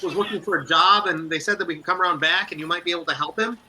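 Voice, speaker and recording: A man's voice: a little high, racing, bright, forceful tone, slight background noise, rough recording. A man voicing a fussy, apologetic male merchant who stammers and keeps saying sorry.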